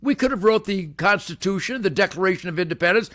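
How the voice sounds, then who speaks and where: An older man hosting a rambling, boastful monologue, brash and cocky, swinging from booming shouts to low mutters. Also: lively intonation, quick pace, hardly any pauses. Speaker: host.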